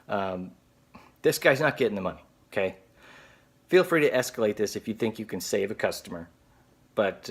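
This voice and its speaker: A man telling a story to camera as a video blogger, sarcastic and exasperated. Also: lowish voice.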